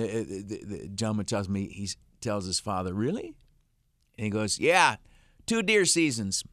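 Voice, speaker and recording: Brief: fifties male talk-radio host, folksy and rambling, low-ish voice, dry studio sound. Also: no echo. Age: 50s. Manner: folksy, rambling, many "uh" fillers, chuckles. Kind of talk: casual storytelling on talk radio. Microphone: studio microphone, dry.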